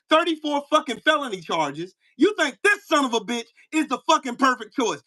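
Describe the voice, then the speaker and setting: A man hosting his own channel, delivering a heated, profane political rant at a commenter, firing rhetorical questions and bursting into shouts. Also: high voice. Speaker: channel host. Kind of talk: angry political rant to camera.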